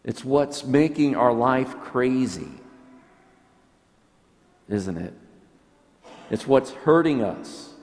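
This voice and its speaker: A man preaching a homily as a priest, slow and reflective, pausing and restarting as he thinks aloud. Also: mid-range voice, expressive, a little mellow. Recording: long church reverb.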